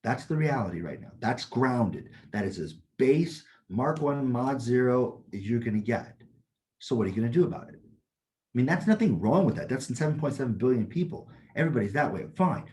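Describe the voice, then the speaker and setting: A man's voice: mid-range voice, animated, fairly quick, darkish tone. A man co-hosting a casual podcast as a Taoist teacher, talking bluntly, swearing freely and telling stories with energy. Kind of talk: casual chat.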